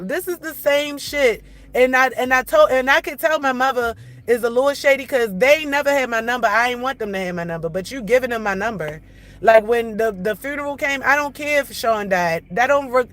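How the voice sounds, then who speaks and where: A woman's voice: sits high, fairly bright tone. A middle-aged woman talking to her chat on a casual livestream, ranting heatedly with lots of profanity and repetition. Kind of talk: casual live-stream venting.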